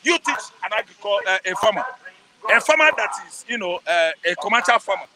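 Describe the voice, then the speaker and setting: With background noise around him, a middle-aged Nigerian man delivers a brisk, animated street interview in a high-pitched voice. He preaches fervently, repeating phrases, sometimes shouting, and asking himself rhetorical questions.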